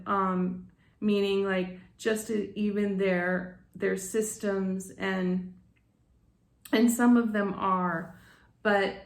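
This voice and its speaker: A middle-aged woman speaks slowly and unhurriedly, rambling through a casual monologue and often stopping to restart her sentences. Her voice carries a noticeable room echo. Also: mid-range voice. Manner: rambling, addresses viewers as "you guys", many restarts. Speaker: medium and channel host.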